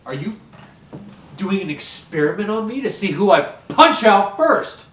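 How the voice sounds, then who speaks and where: A man's voice: high voice, big pitch swings, measured pace, fairly bright tone, full character voice. A man playing a hot-tempered therapy patient who insults the others, sarcastic and snarling, in a stage comedy. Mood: irritated. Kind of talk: community theater comedy. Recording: echoey stage from far off.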